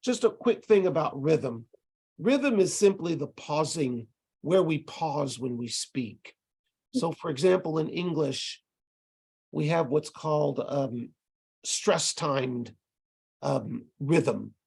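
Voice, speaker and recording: Guy lecturing tutors over a video call, kinda gravelly and husky, explains things patiently. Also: a little high, animated, slow pace, a little mellow. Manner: explanatory, demonstrates rhythm by chanting syllables. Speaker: ESL instructor training tutors. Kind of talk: online lecture.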